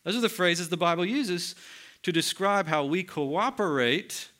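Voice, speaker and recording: A man's voice: sits high, animated, unhurried, fairly bright tone. A man preaching a sermon, teaching earnestly and asking his listeners rhetorical questions. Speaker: pastor.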